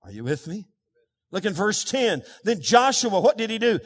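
High-voiced preacher in an echoing hall. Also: male voice, very animated, normal speed, breathy edge. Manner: emphatic, call-and-response with the congregation. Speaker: pastor. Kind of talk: sermon. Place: church sanctuary. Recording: long reverb of a large hall.

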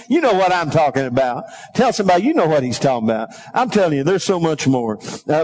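A middle-aged man preaching a sermon, calling for responses from the congregation and telling folksy stories in a quieter aside voice. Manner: folksy storytelling, drops to a low aside. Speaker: pastor.

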